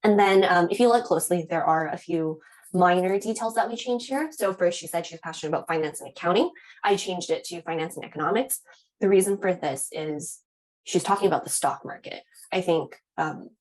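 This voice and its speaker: Young woman teaching interview skills, kinda low voice, lots of um and right?. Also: darkish tone, low-quality recording. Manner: casual, frequent "right?" and "um". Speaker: instructor.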